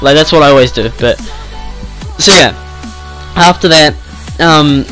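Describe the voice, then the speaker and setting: Teenage guy ranting about his side of things, lots of "like", bright tone. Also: on the high side, unhurried, faint music behind, rough recording. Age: teens. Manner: rambling, swears freely, lots of "like". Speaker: vlogger. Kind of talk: casual storytime rant.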